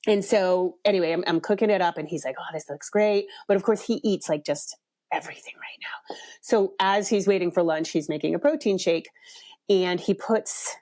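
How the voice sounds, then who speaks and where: A middle-aged woman hosting a podcast, telling a family story in a chatty way, laughing often and jumping up in pitch when she quotes people. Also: darkish tone. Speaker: podcast host. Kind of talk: casual storytelling.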